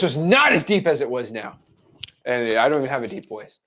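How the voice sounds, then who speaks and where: A man's voice: medium pitch, sing-song, a little fast, a bit bright. A man in his twenties giving a blunt, frank motivational talk to camera as a real estate wholesaling coach. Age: 20s.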